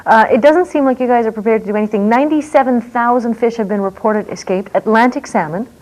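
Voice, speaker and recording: Brisk woman talk-show host. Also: a little high, darkish tone, poor audio. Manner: brisk, challenging, interjecting. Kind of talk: moderating a panel and call-in.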